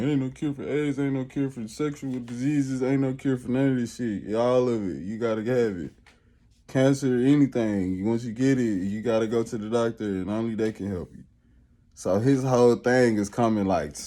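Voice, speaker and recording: A man rants casually with a mellow, warm-toned voice. His talk is profane and emphatic, full of skeptical asides. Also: fairly low pitch. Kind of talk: casual rant.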